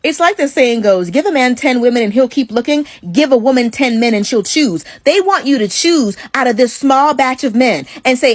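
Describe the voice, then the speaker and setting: A woman delivering a measured, argumentative opinion monologue to camera. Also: sits high, expressive, dry recording.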